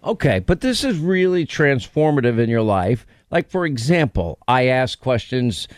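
A man's voice: medium pitch, very animated, normal speed. A male talk show host in easy banter, teasing his co-host and pressing her again and again. His voice sits in the middle of the male range and sounds dry and close, with no room echo. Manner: teasing, pushy, eager. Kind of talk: casual on-air chat.

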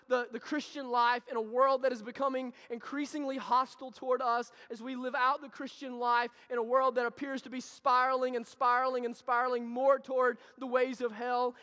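High-voiced man preaching in a reverberant hall. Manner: impassioned preaching with repetition, drops to soft intimate tones. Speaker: pastor. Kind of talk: sermon.

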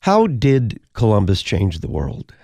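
Man, radio host, lively intonation, dry sound. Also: fairly low pitch, unhurried, no room sound. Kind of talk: interview questions.

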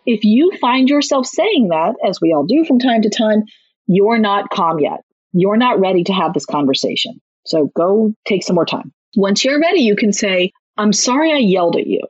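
Husky-voiced woman giving lively parenting advice. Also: medium pitch, moderate pace, no room sound. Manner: lively, emphatic, chatty explainer. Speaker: parenting author guest. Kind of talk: conversational advice interview. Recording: slightly muffled recording.

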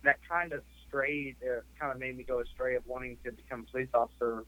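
A man's voice: mid-range voice, steady tone, fast talker, bright, forceful tone, poor audio. A man hosting a podcast, telling a story in casual chat and rambling with lots of "like" and "you know.". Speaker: podcast host.

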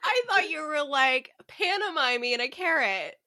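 A woman hosting a podcast, chatty and playful, quick to laugh and ask questions. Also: sits high, lively intonation, pushed and bright. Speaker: podcast host. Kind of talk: casual interview chat.

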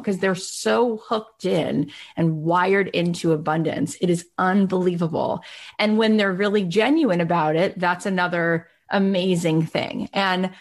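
A woman in her thirties speaks to a live online class in a chatty, eager way, full of fillers and asides. Her voice sits mid-range and sounds plain and close. She jumps higher when she acts out what friends said. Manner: warm, enthusiastic, chatty with many fillers. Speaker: podcast host and coach. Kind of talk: live online workshop talk.

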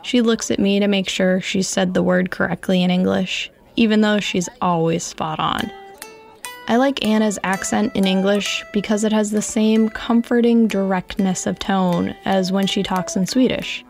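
Woman reading her own story, calm and reflective, kinda gravelly. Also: medium pitch, moderate pace, faint music behind. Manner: reflective, evenly read storytelling. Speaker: narrator. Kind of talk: scripted first-person story narration.

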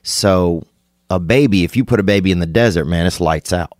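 A man, hosting a podcast and rambling through an absurd comic monologue, laid-back with sudden excited bursts. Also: low voice, brisk, dry recording, clean studio sound. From Louisiana. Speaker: podcast host.

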